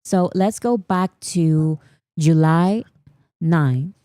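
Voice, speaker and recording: Chatty woman, mellow low voice. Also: drawn-out words, no echo, clean studio sound. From Peru. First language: Spanish. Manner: chatty, laughs often. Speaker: livestream host. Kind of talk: casual livestream chat.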